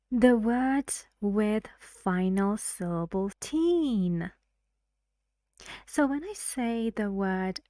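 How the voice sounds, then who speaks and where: A woman's voice: medium pitch, mellow, no echo, clean studio sound. A woman teaching English pronunciation, explaining patiently step by step and asking her learners questions. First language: Persian. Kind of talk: online pronunciation lesson.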